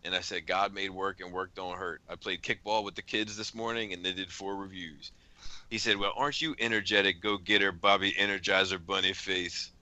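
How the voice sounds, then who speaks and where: A man's voice: deep voice, steady tone, brisk, sharp tone. A man hosting a casual podcast chat, telling a long story and reading out text messages with frequent laughs. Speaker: podcast host.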